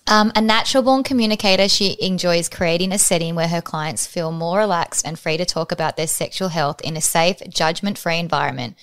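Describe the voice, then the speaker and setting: A woman's voice: lowish voice, fairly bright tone, clean tone. A woman co-hosting a podcast, reading a scripted guest introduction with chatty, lightly laughing asides. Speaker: podcast co-host.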